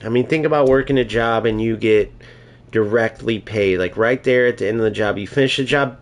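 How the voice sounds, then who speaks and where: A man's voice: mid-range voice, brisk. A man talking casually while streaming a football video game, chatty and laid-back, often checking in with "right?" and "bro". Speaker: gaming streamer. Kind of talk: casual live-stream commentary.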